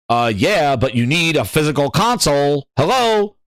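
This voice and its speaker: Excitable man with lively high voice. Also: normal speed, hardly any pauses. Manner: loud, animated, teasing and incredulous. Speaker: podcast host. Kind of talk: excited casual gaming talk.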